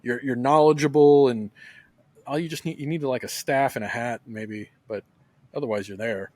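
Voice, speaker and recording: A podcast co-host with a middle-pitched voice recorded very dry, with no room sound at all. He rambles cheerfully and stacks up "like" as he thinks aloud. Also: moderate pace, a little mellow, no room sound. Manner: enthusiastic, rambling, heavy on "like". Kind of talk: casual podcast chat.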